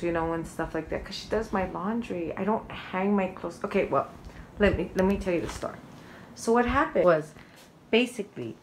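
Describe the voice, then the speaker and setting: A woman's voice: lowish voice, poor audio. A woman vlogger telling a rambling personal story in a casual, chatty way, full of fillers and restarts. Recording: faint background water noise. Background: loud waterfall noise.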